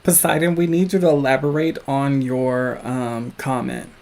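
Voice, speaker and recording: A man's voice: medium pitch, steady tone, normal speed, darkish tone. A man hosting a comic-critique livestream, chatting casually and joking with viewers. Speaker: livestream host reading a comic.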